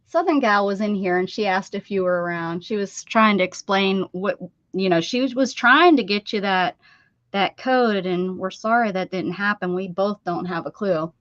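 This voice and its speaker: A woman in her fifties hosts a craft livestream from her home craft room, chatting casually, teasing herself and laughing often. Her mid-range voice is a bit bright and moves at a moderate pace. The recording is muffled, with no room sound.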